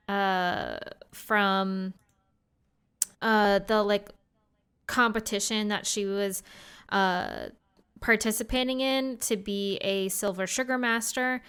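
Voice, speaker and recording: Slow, clear-voiced woman on a podcast. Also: medium pitch, fairly bright tone. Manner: hesitant, lots of ums. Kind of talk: casual chat.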